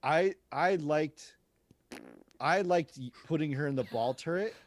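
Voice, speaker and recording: A man's voice: a little high, measured pace, dry recording. A man co-hosting a casual movie review podcast, chatty and prone to repeating words as he starts a thought. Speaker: podcast co-host.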